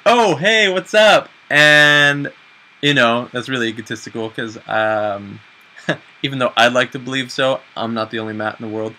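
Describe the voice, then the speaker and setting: A man's voice: medium pitch, pushed and bright, poor audio. A young man hosting a casual chat video, joking and self-mocking as he acts out little everyday scenes. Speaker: video host.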